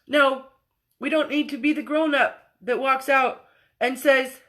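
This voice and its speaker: Woman doing a spiritual pep talk live, high pitched, acts out voices, repeats herself for punch. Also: a little slow. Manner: expressive, acts out quoted voices; emphatic repetition. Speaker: spiritual coach. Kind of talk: motivational livestream talk.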